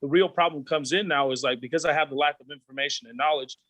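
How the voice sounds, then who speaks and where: A man in his thirties, a podcast guest, telling candid stories in a profane, animated way and acting out the voices of his friends. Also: fairly high pitch, fast, dry recording, poor audio. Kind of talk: candid storytelling.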